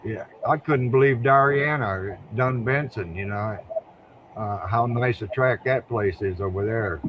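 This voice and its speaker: A man's voice: medium pitch, measured pace, lo-fi sound, background noise. An older man from Ohio, a guest drag racer, telling folksy stories in casual interview chat, often repeating words and chuckling.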